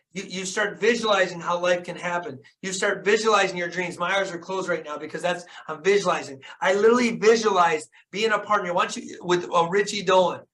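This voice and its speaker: High, bright-voiced fired-up male motivator. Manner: fired-up, preachy, asks the audience questions; repeats phrases for emphasis, curses casually. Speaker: motivational speaker. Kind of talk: motivational talk on a video call.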